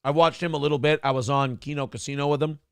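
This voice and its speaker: A man's voice: fairly high pitch, fairly even intonation, fast, clean tone, no echo. A man hosting a casual show, joking crudely, laughing often and reading viewer chat messages aloud. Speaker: morning show host.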